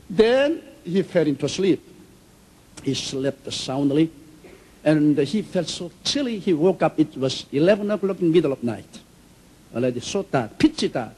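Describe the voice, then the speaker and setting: A man preaches with a husky, breathy voice that sits high. His intonation swings widely as he tells stories with emphasis. His English phrasing is simple and non-native. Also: sing-song, moderate pace, a little mellow, rough recording. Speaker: pastor. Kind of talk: sermon.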